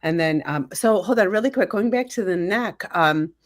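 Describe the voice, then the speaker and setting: A woman's voice: mid-range voice, animated, normal speed. A woman hosting a panel discussion over a video call, affirming guests with lots of "um" fillers. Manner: warm and affirming, many fillers. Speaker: panel host.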